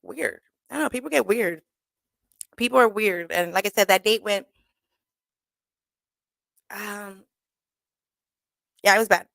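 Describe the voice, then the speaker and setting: A woman hosting a radio talk show, telling a candid story in a blunt, profane, animated way and acting out the voices of people she quotes. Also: medium pitch, unhurried, creaky, pauses often, no room sound. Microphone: studio microphone.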